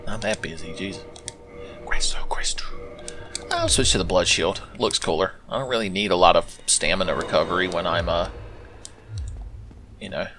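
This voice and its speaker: Sarcastic, low-voiced gaming commentator. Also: male voice, a bit bright, slight background noise. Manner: sarcastic, profane, rambling asides. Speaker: gameplay commentator. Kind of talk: let's play commentary.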